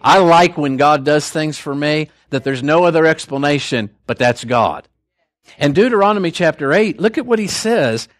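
A man's voice: fairly high pitch, lively intonation, moderate pace, no echo. An older man preaching a sermon in a conversational, storytelling way, with folksy asides between scripture points.

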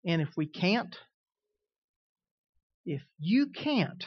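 A man preaching as a pastor, swinging between loud, emphatic lines and quiet, conversational asides. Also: sits high, moderate pace, no echo, muffled recording. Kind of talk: sermon.

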